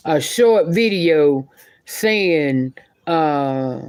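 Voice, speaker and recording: A woman's voice: deep voice, lively intonation, very slow, darkish tone. A woman telling a story in a casual vlog, chatty and rambling, often laughing and restarting her sentences. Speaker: YouTube commentator.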